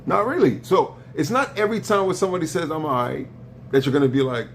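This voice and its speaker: A man hosting a live stream, lecturing bluntly with profanity and sharp swings in pitch during a heated argument. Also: big pitch swings, quick pace, creaky, slight background noise.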